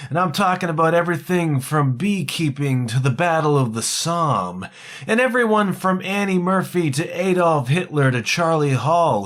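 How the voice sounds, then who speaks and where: A man's voice: on the high side, a bit bright. A middle-aged man hosting a solo podcast in a playful, self-mocking, theatrical way. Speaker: podcast host.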